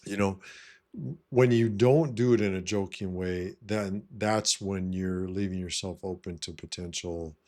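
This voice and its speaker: A man's voice: deep voice, unhurried, darkish tone. A man talking casually to camera, blunt and profane, who keeps saying "you know what I mean". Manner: blunt, swaggering. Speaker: vlogger giving life advice. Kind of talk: casual monologue.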